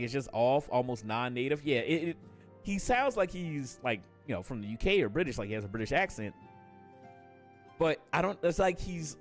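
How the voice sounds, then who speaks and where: A man talks casually to his live stream viewers between bits of gameplay, relaxed and quick to swear or laugh, while nursing a headache. His voice sits at an ordinary middle pitch, and faint game music plays in the background. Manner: relaxed, profane, laughs often. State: has a headache.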